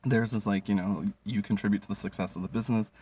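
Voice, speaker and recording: A young man telling a storytime monologue as a vlogger, animated and profane, with frequent laughs and filler words. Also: on the low side, fast talker, far from the mic, slight background noise.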